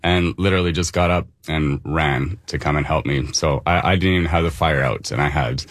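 A man, a local resident from Canada in his thirties, telling a radio interviewer what happened in a relaxed, conversational way with fillers and small laughs. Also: rumbling low, fairly quick, no room sound, clean studio sound.

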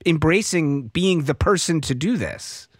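A man hosting a radio show, interviewing a guest and then wrapping up the show in a brisk, conversational way. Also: fairly high pitch, animated, no room sound, studio quality. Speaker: radio host.

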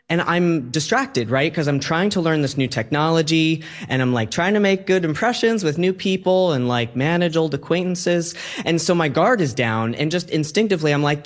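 A man telling a personal story in a conversational, halting way, acting out the quoted lines as he goes. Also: a little high.

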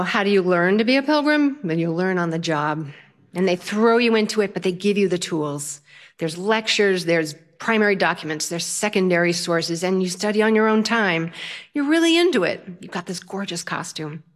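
An older woman storyteller, lively and self-mocking as she tells a funny personal story on stage. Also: on the low side.

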